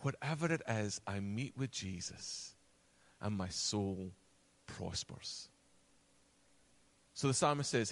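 A man preaching a sermon, animated, acting out quoted voices, and dropping to a soft, low voice for emphasis. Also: takes it slowly, creaky, long pauses. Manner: acts out quoted voices and asides.

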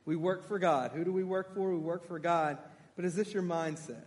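Man preaching, high voice, emphatic, echoing hall. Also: normal speed. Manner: animated, emphatic, asks the congregation questions. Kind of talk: sermon.

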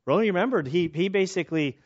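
A man preaching a sermon in a casual, animated way, joking about himself and often restarting his sentences. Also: high-pitched, fast talker. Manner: casual, animated, self-deprecating jokes, many restarts. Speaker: pastor. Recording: slightly dull lo-fi sound.

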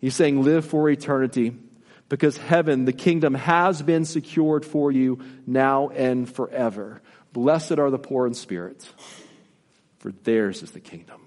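A man's voice: mid-range voice, a little slow, a little mellow, in a large hall. A man preaching a sermon in an earnest, repetitive style with rising emphasis. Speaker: pastor.

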